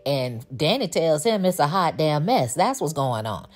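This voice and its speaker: A woman recapping a TV episode in a casual, animated, gossipy way, full of slang and quoted lines. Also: low voice, measured pace. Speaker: TV show reviewer.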